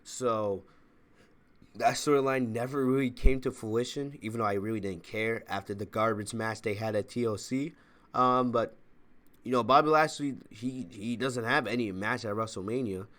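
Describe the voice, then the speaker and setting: A man's voice: medium pitch, moderate pace, fairly bright tone. A man hosting a wrestling review channel, talking in a casual, rambling way and often checking in with "all right?".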